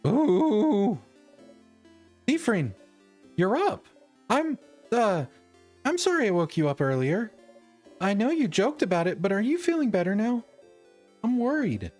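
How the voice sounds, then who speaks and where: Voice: sing-song, faint music behind. A streamer reading a story game aloud, voicing a cheerful, caring young woman who worries over her friend. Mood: concerned. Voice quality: high and bright, sing-song. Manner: gentle, fussing, quick to scold in jest.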